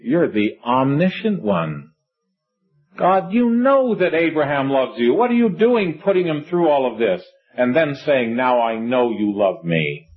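Middle-aged male preacher, husky, earnest sermon delivery, lo-fi recording. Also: on the high side, big pitch swings, unhurried. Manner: earnest, reads scripture in old-fashioned wording, conversational asides. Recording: dull lo-fi recording.

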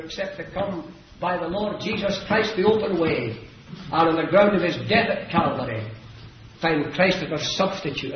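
A man preaching a fervent sermon, telling a story and rising to shouts on key phrases, in a dull, echoey old recording. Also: a little high, a little hiss or hum.

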